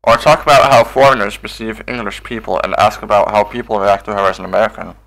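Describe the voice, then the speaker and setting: A man's voice: on the low side, steady tone, fast talker, gravelly, a bit bright. A man playing a game, commenting in an exasperated, sarcastic way with frequent swearing. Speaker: game player. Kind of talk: gameplay commentary.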